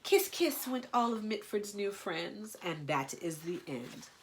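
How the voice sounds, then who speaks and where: A woman's voice: mid-range voice, animated, unhurried, a little hiss or hum. Nasal woman reading a picture book. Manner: playful, gushing asides between read lines. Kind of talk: reading a picture book aloud with chatty asides.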